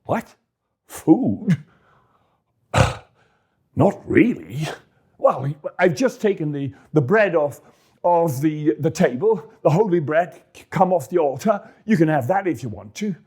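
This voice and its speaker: A nervous male high priest who stammers and second-guesses himself, his voice pitched well up, as a storyteller puts him on. He sounds hurried and unsure. It suits a spoken storybook retelling. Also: sing-song, a little mellow, slightly rough, full character voice. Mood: hesitant. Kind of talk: storytelling voice acting.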